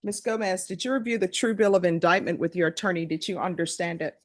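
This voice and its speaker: A woman judge presiding over a courtroom hearing, speaking in a formal, measured, procedural way. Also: lowish voice, fairly even intonation.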